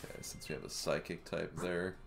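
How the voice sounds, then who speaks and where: A man's voice: sits low, fairly even intonation, brisk, vocal fry, music in the background. A man streaming a game, giving casual commentary as he plays. He thinks aloud and chuckles at his own remarks.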